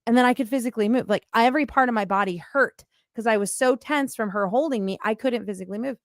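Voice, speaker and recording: A middle-aged woman casually telling a podcast host about her paranormal experience, in an animated, emphatic way with many fillers. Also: a little high, quick pace, no echo. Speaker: paranormal investigator guest.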